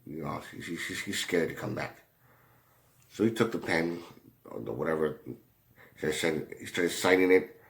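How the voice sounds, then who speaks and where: A man telling a rambling story in a casual way, halting often, with many fillers and restarts and a lot of swearing. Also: very deep voice, creaky. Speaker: commentator.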